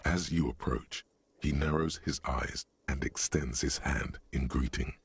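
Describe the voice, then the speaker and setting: A man voicing a grave game narrator, the detective's inner thoughts, with a gravelly, measured and ominous manner. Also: extremely low pitch, steady tone. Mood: brooding.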